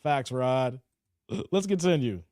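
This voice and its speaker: A man's voice: mid-range voice, expressive, slow pace, darkish tone, no room sound. Joking man reacting to a clip, dry sound. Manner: loose, joking, laughs often. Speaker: commentary show host. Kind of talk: reaction commentary reading live chat.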